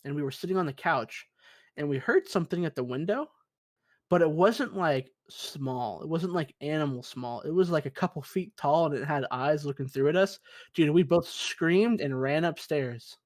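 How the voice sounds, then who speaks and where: A man's voice: a little high, animated, moderate pace, dry recording. Young man, casual, swearing podcast chat. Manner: laid-back, swears a lot, says dude. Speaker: podcast co-host. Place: basement room.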